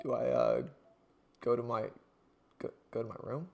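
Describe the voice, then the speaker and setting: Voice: medium pitch, normal speed, vocal fry, music in the background. A streamer playing a story game, rambling through commentary with lots of fillers and self-corrections. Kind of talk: let's-play commentary with read-aloud dialogue.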